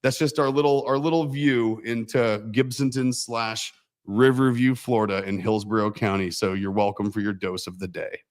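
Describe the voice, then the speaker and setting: A man co-hosting a casual livestream, telling a rambling story with animated voices. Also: lowish voice, normal speed. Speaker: co-host.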